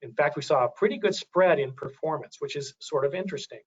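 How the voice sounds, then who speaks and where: Man, webinar presenter, slightly high voice, frequent restarts, dull lo-fi audio. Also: fast talker, slightly rough. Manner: thinking aloud, many restarts.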